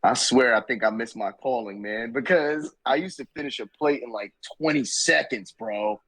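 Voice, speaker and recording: A man with a husky, slightly breathy voice at a middle pitch. He chats in a laid-back, joking way, swearing freely as he tells stories on a casual podcast. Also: normal speed, fairly bright tone, poor audio. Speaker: podcast guest, army veteran. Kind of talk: casual chat, storytelling.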